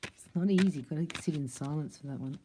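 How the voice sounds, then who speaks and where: A woman's voice: low voice, a little fast, mellow, a little hiss or hum. A woman giving a casual spiritual card reading, chatty and emphatic, acting out little dialogues. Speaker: psychic card reader.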